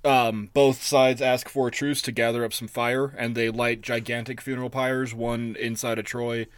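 A man co-hosting a podcast, with a medium-pitched voice. He retells an old story in a loose, jokey way, full of swearing and fillers. The sound is dry and close. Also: level tone, normal speed, clean tone, no room sound. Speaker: podcast co-host. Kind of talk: casual chat.

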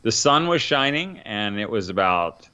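A man's voice: fairly low pitch, sing-song, measured pace, pushed and bright, clear, resonant tone. A tired middle-aged man co-hosting a podcast in casual chat, rambling with lots of fillers. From northern Indiana. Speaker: podcast co-host, father. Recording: dull lo-fi sound.

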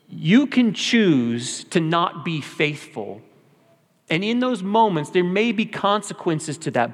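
A man's voice: on the high side, long reverb tail. A male pastor giving a sermon in an earnest, conversational way, repeating key phrases for emphasis. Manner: earnest, conversational, repetitive exhortation. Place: church sanctuary.

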